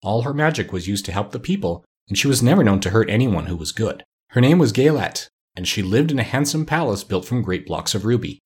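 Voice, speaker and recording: A man's voice: lowish voice, expressive, brisk, few pauses, slightly rough. A man reading aloud and voicing a courtly male winged monkey king telling a long tale.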